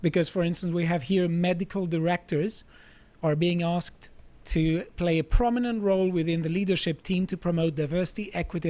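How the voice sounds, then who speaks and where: A man in a casual political chat, speaking in a measured way and reading documents aloud. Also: fairly high pitch, a little mellow.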